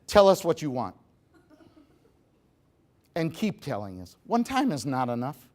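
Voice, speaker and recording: A middle-aged motivational speaker gives a humorous seminar talk to a live audience, animated and joking as he addresses the crowd directly. His voice is on the high side and unhurried.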